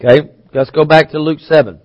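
A man's voice: a little high, steady tone, fairly quick, no echo, muffled recording. Preacher man with a dry close sound. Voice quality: occasional coughs. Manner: conversational, asks the congregation questions. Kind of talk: sermon teaching.

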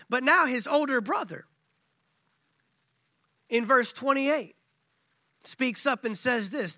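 Male pastor, sermon, emphatic, repetitive phrasing, very high pitch, dry close sound. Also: animated, slow, long pauses, sharp tone, dry recording. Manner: emphatic, repetitive preaching with acted quotes.

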